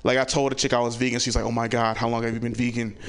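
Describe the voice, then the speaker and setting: A man's voice: mid-range voice, little pitch movement, racing, smooth. A man doing a stand-up comedy set on a club stage, telling stories and asking the crowd "right?" as he goes. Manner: storytelling with lots of "right?" asides; acts out family members loudly.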